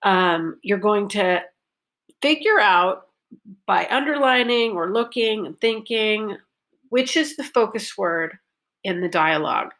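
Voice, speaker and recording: Slow, deliberate woman teaching pronunciation. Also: medium pitch, expressive, fairly bright tone. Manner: slow, deliberate modeling of stressed words. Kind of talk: recorded online lesson.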